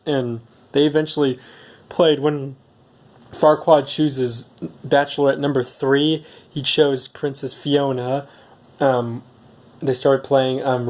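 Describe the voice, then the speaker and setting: Brief: everyday guy retelling a movie plot, rambling and unsure, middle-of-the-road pitch. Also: darkish tone. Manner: rambling, hesitant, many ums and restarts. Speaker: movie reviewer. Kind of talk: casual film recap.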